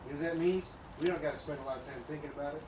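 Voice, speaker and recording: A man delivers an emphatic sermon, pressing his points with loud bursts and dropping into quieter asides. His voice sits fairly high for a man. The recording is muffled and roomy, caught from a distance with faint ambience behind. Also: very fast, noisy background. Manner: emphatic, swings between loud declarations and low asides. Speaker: preacher. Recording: echoey room, mic far off, dull sound, faint ambience.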